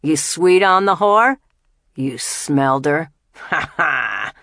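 A woman shouting as a jeering drunken older man. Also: low voice, animated, extremely slow, dry recording, studio quality, full character voice. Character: brutal drunken older man, a sneering bully.

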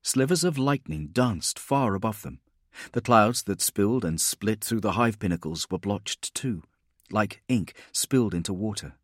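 A man giving steady, measured scripted narration of an audiobook. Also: on the low side, dry recording, clean studio sound.

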